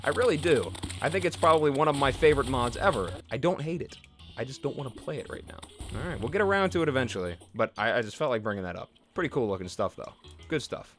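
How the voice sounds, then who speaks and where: A man's voice: mid-range voice, animated, quick pace, faint music behind. A young man casually commenting on the video game he is playing, chatty and rambling as he goes. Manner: rambling, chatty, self-deprecating. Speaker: gaming let's play host.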